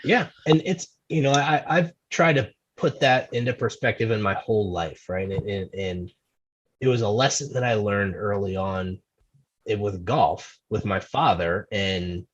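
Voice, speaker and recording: With a lowish voice and measured pace, the New Jersey racing-team amateur keeps telling casual stories on the podcast. He wanders, starts his sentences over and chuckles at himself, all captured in muffled, lo-fi sound.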